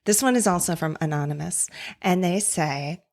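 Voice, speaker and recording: A woman's voice: lowish voice, moderate pace, darkish tone. A woman co-hosting a casual podcast, blunt and exasperated, swearing freely as she tells her own stories. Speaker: podcast co-host. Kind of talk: casual chat.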